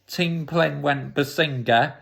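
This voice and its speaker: A man's voice: on the high side, slow pace, creaky, fairly bright tone. A man, a YouTuber casually retelling stories and laughing often as he talks. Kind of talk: casual storytelling recap.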